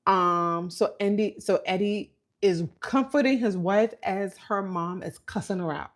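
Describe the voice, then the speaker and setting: Hosting a reality TV recap, a woman speaks casually at medium pitch and a little slowly. She tells the story in an animated way, acting out people's quotes.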